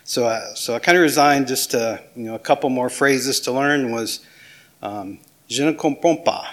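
A man's voice: mid-range voice, moderate pace, a bit bright. A middle-aged man with a Southern US accent, giving a casual, self-deprecating sermon as a pastor. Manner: casual, self-deprecating, with small laughs and restarts.

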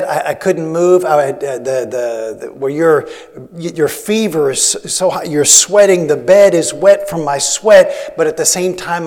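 A man's voice: a little high, darkish tone. A man preaching a sermon as a missionary, telling stories in a rambling way with many restarts. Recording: long hall reverb.

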